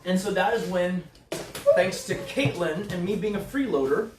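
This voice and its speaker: A man's voice: high voice, moderate pace, roomy sound, distant mic, background noise. A man telling a long story in casual chat, rambling and swearing, acting out what others said to him. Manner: rambling, profane, quotes people in dialogue.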